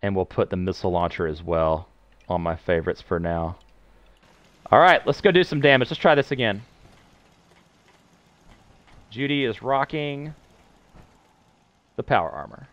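A man's voice: fairly low pitch, normal speed, pauses often, dry recording, dull audio. A man casually commenting while he streams a game, chatting playfully and answering his viewers. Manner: chatty, playful, reading chat aloud. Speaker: gameplay streamer.

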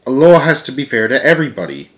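A man reading a storybook aloud, voicing a small, earnest mouse who acts as a solemn, fair-minded teacher, in a lively, emphatic voice. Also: fast talker. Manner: lively, emphatic, higher and louder than his narration.

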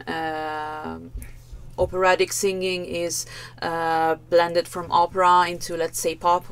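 Thoughtful woman vocal coach with fillers. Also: on the low side. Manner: thoughtful, many fillers, demonstrates vocal sounds. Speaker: vocal coach reacting to a performance. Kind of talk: reaction video analysis.

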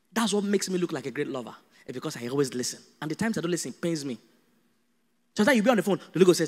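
Animated Nigerian pastor in reverberant hall. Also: male voice, a little high, very fast. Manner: animated, humorous, acts out dialogues. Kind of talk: sermon.

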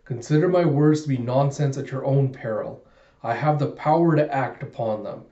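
Gloating villain shogun, comic read-aloud, low-key menace, a man doing it in a mellow voice, roomy dull mic. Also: moderate pace, lightly acted. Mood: scheming.

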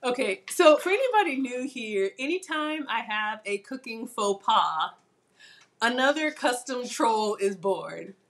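A woman's voice: a little high, sing-song, a little slow, a little hiss or hum. A middle-aged woman hosting a live cooking stream, chatting casually with viewers and a guest and laughing often.

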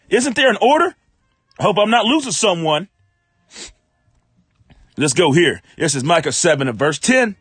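A man preaching a live-streamed sermon, reading scripture slowly and breaking into animated, casual commentary with sudden exclamations. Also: sits high, slightly rough, no echo. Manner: reads verses slowly, then comments in casual speech.

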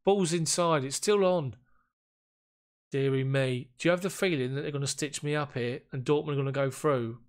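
A man giving casual commentary on a football management game, getting excited and frustrated as chances slip away. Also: mid-range voice, normal speed. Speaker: gaming YouTuber.

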